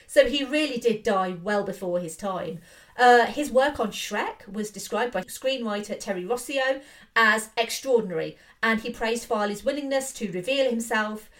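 Brief: woman, film commentary, fairly high voice with a lively, swinging pitch, eager and opinionated. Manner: enthusiastic, opinionated, fillers and restarts. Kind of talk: casual video essay.

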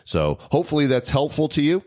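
A man's voice: fairly high pitch, very animated, fast, darkish tone. A man co-hosting a casual podcast, joking with his partner and reading a legal disclaimer at the close. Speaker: podcast co-host.

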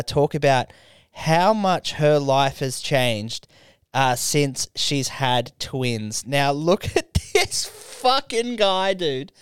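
A young man co-hosts a podcast, telling rambling, sweary stories. His voice is smooth and clear and sits a little high. The sound is dry and close. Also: dry recording. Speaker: podcast co-host. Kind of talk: casual podcast chat.

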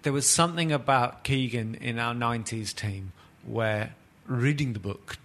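A man, co-hosting a casual football podcast, lively and swearing as he talks. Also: medium pitch, moderate pace. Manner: lively, swears, laughs often. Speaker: podcast co-host.

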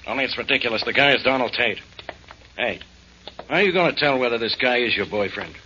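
Blunt and doubting, a gruff police inspector who trusts no one. His voice is bright and edged with impatience. It comes through a dull, muffled old radio recording. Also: medium pitch, lively intonation, fast talker, a little hiss or hum. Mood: skeptical. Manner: blunt and skeptical. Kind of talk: 1940s radio acting.

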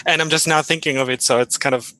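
A podcast co-host whose first language is German, talking English with a German accent. His voice sits a little high and sounds bright and crisp, with a dry, close sound. He rambles thoughtfully, restarting his sentences. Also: steady tone, quick pace, no echo. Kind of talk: casual panel chat.

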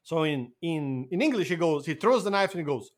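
A man whose first language is Portuguese chats as a podcast co-host, voice pitched a little high. He tells animated, joking stories and drops casual swears along the way. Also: brisk. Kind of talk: casual chat.

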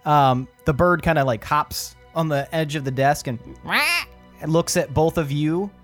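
A woman's voice: low-pitched, a little slow, faint music behind. A woman narrating as game master of a tabletop game, laughing often as she describes the scene.

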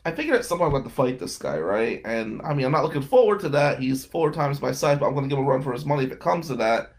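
A man's voice: mid-range voice, big pitch swings, rapid-fire. A man casually telling wry stories about past roommates and girlfriends, with frequent laughing asides. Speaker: podcast guest telling stories. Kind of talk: casual storytelling.

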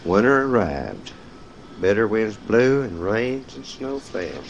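A man's voice: fairly low pitch, sing-song, takes it slowly, gravelly, muffled recording, a little hiss or hum. A man reading children's picture-book stories aloud, speaking directly to young listeners and telling them when to turn the page. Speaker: storyteller.

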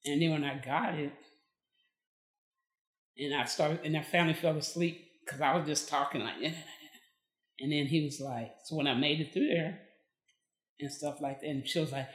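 Lively woman telling her story. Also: low voice, normal speed, pauses often, reverberant. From Texas. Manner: lively, acts out quoted dialogue. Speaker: podcast guest. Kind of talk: conversational storytelling.

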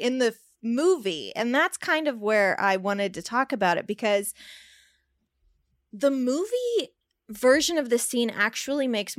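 A woman in her thirties co-hosting a podcast, chatting casually and reading a horror passage aloud with animated emphasis. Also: fairly high pitch, no echo, clean studio sound. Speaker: podcast co-host.

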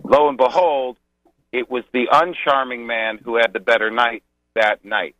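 A man's voice: mid-range voice, fairly even intonation, unhurried, sharp tone, no room sound, lo-fi sound. A man calling in to a radio show, telling a dating story in a friendly, joking way. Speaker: caller. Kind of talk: casual call-in storytelling.

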